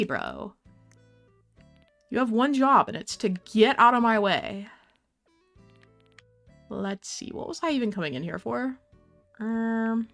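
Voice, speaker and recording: A woman's voice: a little high, fairly bright tone. Chatty young woman streaming a cozy game. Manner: chatty, playful, talks to her cat and chat. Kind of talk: casual game stream chat.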